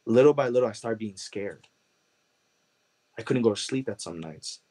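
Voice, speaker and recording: A man from Chicago telling his conversion testimony as a guest, earnest and halting, with many "like" and "you know" fillers. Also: fairly low pitch, expressive, dark tone, husky, poor audio. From Chicago, USA. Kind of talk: personal testimony storytelling.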